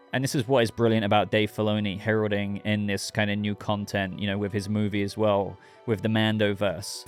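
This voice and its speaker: A man's voice: fairly low pitch, clear, resonant tone. A man hosting his own channel, giving a casual, rambling episode review and talking straight to his viewers. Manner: rambling, chatty, addresses viewers directly.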